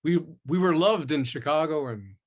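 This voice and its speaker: A man's voice: on the high side, moderate pace. An older man, a veteran actor, telling long, rambling stories in an interview, with restarts and quoted voices. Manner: rambling, animated, with many restarts and acted-out quotes. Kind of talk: casual interview storytelling.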